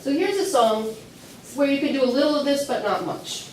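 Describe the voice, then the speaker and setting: A woman's high-sitting, darkish voice with lively intonation moves briskly as she teaches a singing class, chatty and full of fillers and restarts. The echoey classroom at an early music event is recorded from a distance, with slight background noise.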